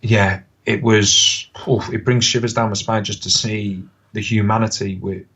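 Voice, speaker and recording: A husky, lower-pitched man tells stories in relaxed podcast chat. He speeds up into quick bursts and laughs as he goes. The audio is a little dull and lo-fi. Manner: animated anecdotes, quick bursts, laughs often. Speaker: podcast guest, football pundit. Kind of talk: casual storytelling chat.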